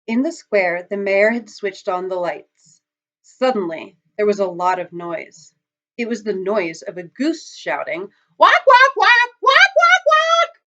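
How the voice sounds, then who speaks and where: A woman storyteller reading a children's picture book aloud, in an expressive, dramatic manner. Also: mid-range voice, a little slow. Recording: dull lo-fi recording.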